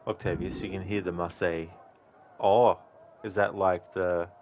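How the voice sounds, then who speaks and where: A man streaming a video game, chatting casually with viewers and joking, with a relaxed manner. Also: low voice, normal speed, background noise. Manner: relaxed, jokey, chuckling at his own puns. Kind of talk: casual chat while reading viewer messages.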